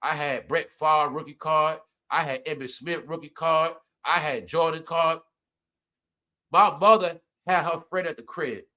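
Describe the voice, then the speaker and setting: Animated high-voiced man telling stories. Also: measured pace. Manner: animated, swings between loud outbursts and low mutters; laughs often while telling stories. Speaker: live stream host. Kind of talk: casual storytelling to viewers.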